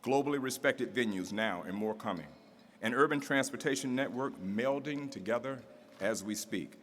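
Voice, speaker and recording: A man's voice: mid-range voice, a bit bright, a little hiss or hum. A man acting as master of ceremonies at a civic event, reading formal introductions and building to a rousing, rhythmic oratorical finish. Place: large event hall with audience. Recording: reverberant hall, faint room ambience.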